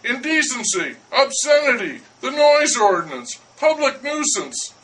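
A man voicing an irate French baker who shouts and blusters at a neighbor. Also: high voice, unhurried, recorded from a distance, poor audio. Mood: indignant. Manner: loud, indignant, blustering.

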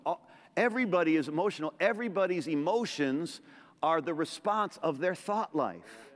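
A man's voice: a little high, expressive, fairly bright tone. Emphatic preacher man in an echoey sanctuary. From Middle Eastern background. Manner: emphatic preaching with repeated phrases and quick asides. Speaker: pastor. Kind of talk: sermon. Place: large church sanctuary. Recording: echoey church hall reverb.

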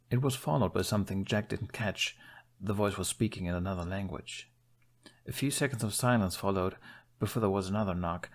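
A man reading fan fiction aloud in calm, measured storybook narration. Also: low-pitched, creaky, slightly rough.

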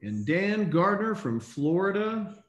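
A man hosting a casual online call, reading out names in an upbeat, brisk way. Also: high voice, big pitch swings, roomy sound. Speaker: host.

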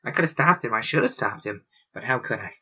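A man's voice: medium pitch, lively intonation, breathy edge, muffled recording. A man doing a guilt-ridden alien official, choked. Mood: choked, remorseful. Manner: choked, hushed, halting.

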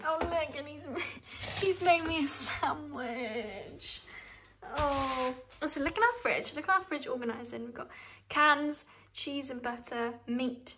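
A young British woman with a high, light voice chats away to her phone camera in her twenties-style vlog manner, gushing and easily moved. She's recorded in a small tiled bathroom that rings with echo. The sound is handheld and close. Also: measured pace, background noise. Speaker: vlogger. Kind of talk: casual chat to camera. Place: bathroom at home, indoors. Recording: echoey small tiled room.

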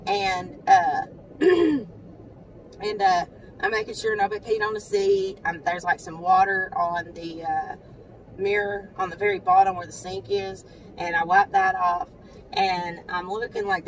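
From the driver's seat outside a credit union, a woman vlogs casually about something that happened, addressing the camera with animation and mimicking others in a high voice. She's a mother, and the rough recording picks her up from far away with slight background noise.

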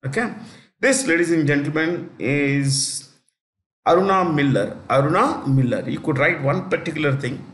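A man lectures on current affairs, pausing to repeat names and numbers for students taking notes. His voice sits a little high for a man. The room around him gives a noticeable echo. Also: expressive, a bit bright, a little hiss or hum. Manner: repeats key facts slowly for note-taking. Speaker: teacher. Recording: echoey room.

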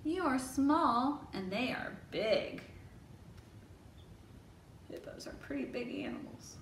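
Lady librarian doing storytime for little kids, high voice, kinda roomy and distant sound. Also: animated, slow pace, a little hiss or hum. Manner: coaxing, asks children questions. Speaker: children's librarian. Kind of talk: toddler storytime. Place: library room. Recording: echoey room, mic set back.

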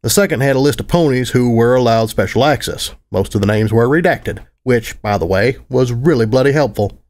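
A man narrates a first-person fan fiction audiobook. His delivery is dry and wry, at a medium pitch for a man. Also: brisk, a little mellow.

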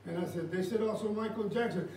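Man, pastor, sermon, high voice, storytelling, echoey church miked from a distance. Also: quick pace. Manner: storytelling preacher, drops to a hush for prayer. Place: church sanctuary. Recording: roomy church sound from far off.

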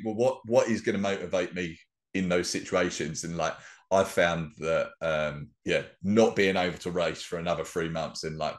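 A man hosting a podcast interview in a laid-back way, swearing casually and quick to laugh. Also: sits low. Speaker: podcast host.

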